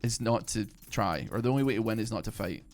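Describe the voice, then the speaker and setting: Talking at a quick pace in a fairly low voice, a young British man rambles through live game commentary, chatting with viewers and restarting thoughts amid plenty of fillers. There's faint game music in the background.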